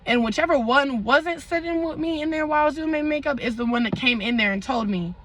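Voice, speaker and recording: A young woman vlogger telling a storytime in a dramatic, animated way, full of slang and asides to her viewers. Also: high-pitched, fast, background noise. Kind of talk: storytime vlog.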